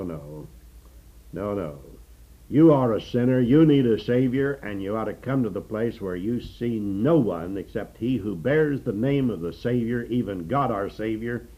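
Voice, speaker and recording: Low-voiced male radio preacher, lo-fi. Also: breathy edge. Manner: unhurried expository preaching with frequent pauses and fillers. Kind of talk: sermon.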